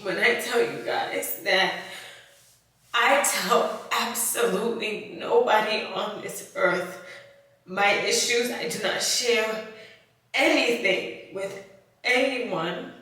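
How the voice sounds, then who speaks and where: Slow, halting woman in an echoey room. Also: mid-range voice, sharp tone. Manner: halting, emotional, with sighs and fillers. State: tight throat, holding back emotion. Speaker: YouTuber. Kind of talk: confessional vlog talk. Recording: very echoey room, voice far from mic.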